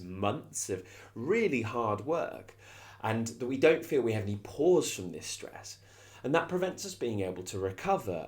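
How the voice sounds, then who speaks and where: A middle-aged man, giving a reflective, conversational self-help talk as a coach and often restarting his phrases. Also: fairly low pitch. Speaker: coach and consultant.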